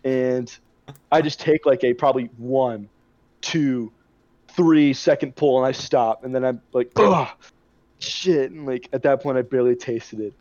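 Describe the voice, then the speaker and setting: A young podcast co-host tells a rambling party story in casual chat, swearing a lot. His medium-pitched voice is warm and steady at normal speed, in a muffled, dry recording.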